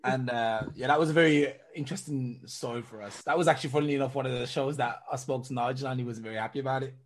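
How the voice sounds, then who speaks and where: A man hosting a podcast, reacting excitably with street slang in casual chat. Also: medium pitch, quick pace. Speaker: podcast host.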